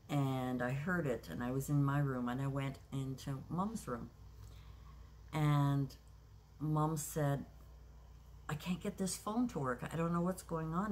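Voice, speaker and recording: A woman in her sixties telling a personal story in a reflective, unhurried way, with many pauses and restarts. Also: extremely low pitch, darkish tone, slight background noise. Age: 60s. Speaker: craft vlogger.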